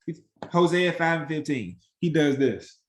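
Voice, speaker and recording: A man teaching an interactive Bible study, animated and emphatic, acting out the voices he quotes. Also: on the high side, unhurried, reverberant, slight background noise.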